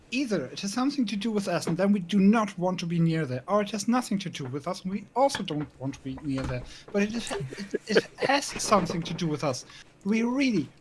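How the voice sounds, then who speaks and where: Tabletop player, mid-pitched and cautious, faint hiss behind. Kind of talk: casual in-character table talk.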